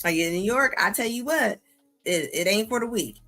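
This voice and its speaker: Woman host, reaction commentary, lively pitch, slangy and laughing, soft music underneath. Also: moderate pace.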